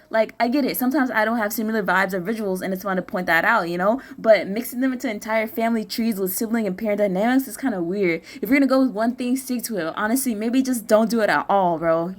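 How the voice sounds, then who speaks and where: Young american girl rambling on her vlog, lots of bro and like, faint hiss behind. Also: a little high. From United States. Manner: chatty, rambling, self-correcting, slangy. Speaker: vlogger. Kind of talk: casual chat.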